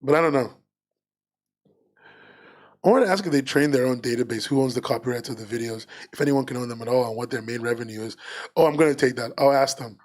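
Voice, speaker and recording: A man's voice: medium pitch, fast. A man co-hosting a livestreamed podcast in casual chat, rambling with lots of fillers and restarts. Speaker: podcast co-host.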